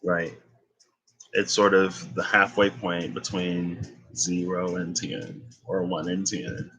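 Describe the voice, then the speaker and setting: A man's voice: low-pitched, slow, creaky, bright, forceful tone, husky, rough recording. A young man giving a casual tarot reading, rambling and thinking aloud as he corrects himself. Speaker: tarot reader.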